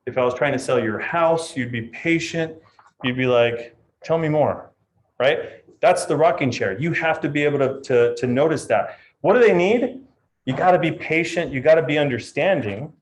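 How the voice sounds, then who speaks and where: A man leading a live real estate training session, talking in a lively way and acting out client voices. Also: fairly high pitch, normal speed.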